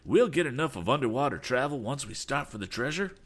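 A man voicing an eccentric, jolly older gentleman who exclaims in a fussy, drawn-out way in a storybook reading. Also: mid-range voice, wildly swooping pitch, voice pushed up, full character voice. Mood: jovial.

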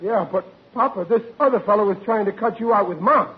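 An excitable, bumbling family man, as a man plays him, talks in a blustery, flustered rush with working-class slang. His voice sits high. It comes through a tinny old radio broadcast with a faint hiss. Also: a little fast, lightly acted. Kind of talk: 1940s radio comedy acting.

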